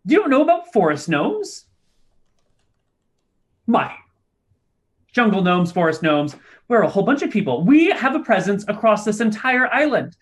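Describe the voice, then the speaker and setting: A man's voice: high voice, sing-song, moderate pace, long pauses, voice pushed up. A man voicing a tiny male forest gnome who talks in a fussy, haughty way. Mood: indignant.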